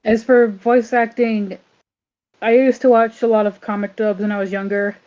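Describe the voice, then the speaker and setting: Low, monotone woman on a stream through a dull lo-fi mic. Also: moderate pace. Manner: relaxed, tells stories about herself. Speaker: voice actor and stream cast member. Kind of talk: casual livestream chat.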